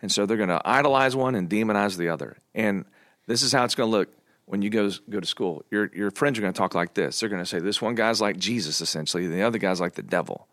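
Low-voiced middle-aged man, earnest. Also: fast talker, fairly bright tone, no room sound, studio quality. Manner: earnest, joking, coaching tone. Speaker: church pastor, podcast guest. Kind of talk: casual podcast conversation.

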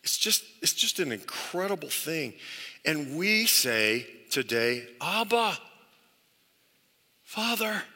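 A man's voice: medium pitch, sing-song, takes it slowly, sharp tone, in a large hall. A male pastor preaching a sermon, telling stories earnestly and stressing points through repetition. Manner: earnest storytelling with emphatic repetition.

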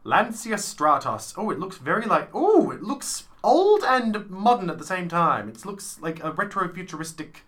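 A man's voice: sits high, sing-song, normal speed, few pauses, a bit bright. A man co-hosting a podcast, playful and teasing with dry, dramatic asides. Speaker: podcast co-host. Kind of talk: casual chat.

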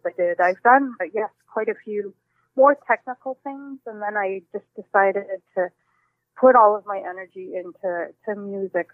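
A woman in her forties, a musician, answering interview questions in a reflective, animated way with many restarts. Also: medium pitch, dry recording. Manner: warm, reflective, with frequent restarts and exclamations. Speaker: musician guest. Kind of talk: relaxed personal interview answers. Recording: dry, tinny phone-like line.

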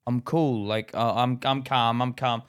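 A man's voice: medium pitch, fairly even intonation, a little slow, clean tone. A man with a Northern Irish accent co-hosting a podcast, chipping in with teasing, dry remarks. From Northern Ireland. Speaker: podcast co-host. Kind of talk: casual chat.

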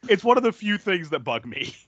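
A man talks through a movie recap on a podcast with a lively, swooping delivery and a bright, forceful tone. He swears casually and breaks into laughter often. The sound is dry and a little dull. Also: sits high, a little fast, no echo. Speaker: podcast co-host.

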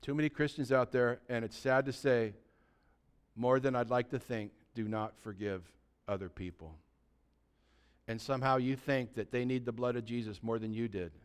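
A man pastor giving a sermon, exhorting his listeners with humorous asides and swinging between quiet asides and loud, fervent passages. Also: mid-range voice, fairly even intonation, normal speed, clean tone.

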